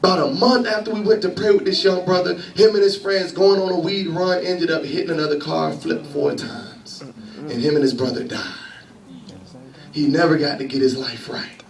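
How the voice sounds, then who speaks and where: A man's voice: a little high, fairly even intonation, normal speed, roomy sound, recorded from a distance, poor audio. A man in his thirties preaching a sermon in a church, talking to the congregation conversationally and with humor. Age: 30s. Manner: conversational preaching with laughter and call-and-response.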